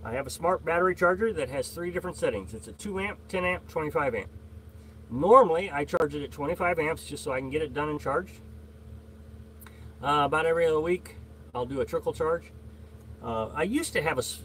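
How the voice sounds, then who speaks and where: A man's voice: fairly high pitch, a bit bright, slight background noise. A middle-aged man hosting a casual live stream, rambling with many fillers and greeting viewers by name as he reads their comments. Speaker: livestream host.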